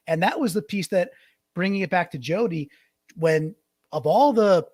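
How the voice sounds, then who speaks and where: A man's voice: high-pitched, moderate pace, darkish tone, dry recording, clean studio sound. A man co-hosting a casual sports podcast, rambling and restarting, mocking quotes with put-on voices. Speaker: podcast co-host.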